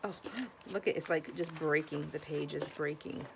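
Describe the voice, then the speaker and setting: A woman's voice: low-pitched, steady tone, moderate pace, vocal fry, noisy background. A woman from Washington State chatting casually to camera about her thrift finds, exclaiming and gasping as she goes, and often restarting her sentences. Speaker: vlogger showing thrift finds.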